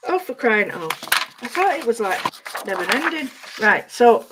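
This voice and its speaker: Chatty woman, voice going hoarse. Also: on the high side, sing-song, normal speed, very noisy. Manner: chatty, self-mocking, talks to herself while working. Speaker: craft demonstrator. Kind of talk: live-streamed craft tutorial.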